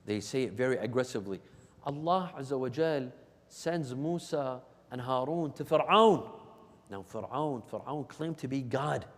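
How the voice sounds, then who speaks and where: A man's voice: medium pitch, moderate pace. A man giving an emphatic sermon, repeating key phrases for stress. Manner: emphatic and repetitive, restating points for stress. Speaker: religious lecturer. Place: large hall of a religious center. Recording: long hall reverb.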